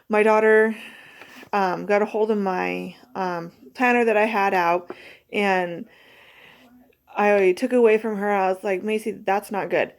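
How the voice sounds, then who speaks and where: Woman, mother, nervous, halting, reflective, middle pitch. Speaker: mother vlogging. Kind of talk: reading her journal, then reflective casual talk.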